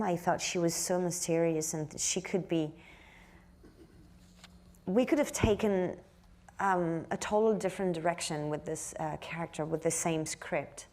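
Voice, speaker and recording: A woman's voice: fairly low pitch, darkish tone. A woman from France speaking with a French accent in an onstage interview, often restarting and searching for words. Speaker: actress guest.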